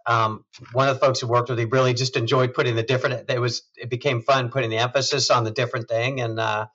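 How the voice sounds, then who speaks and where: A man, a chief executive, talking in a measured, thoughtful way in a conversational interview, often trailing off softly. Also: medium pitch, little pitch movement, muffled recording. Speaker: hospital system CEO, guest.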